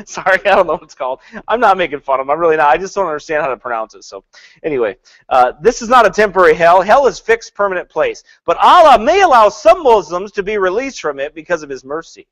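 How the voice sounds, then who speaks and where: A male preacher with a fairly high voice delivers a sermon. He swings from loud bursts to hushed asides and laughs often. He mocks what others say with put-on quotes. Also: big pitch swings, fast talker.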